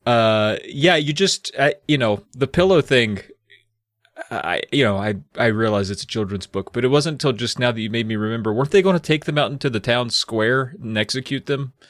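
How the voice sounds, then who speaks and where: A man's voice: medium pitch, expressive, fairly bright tone, dry recording, clean studio sound. A man co-hosting a comedy podcast, laid-back, laughing easily and chatting casually. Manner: laid-back, quick to laugh, reads notes aloud. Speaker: podcast co-host.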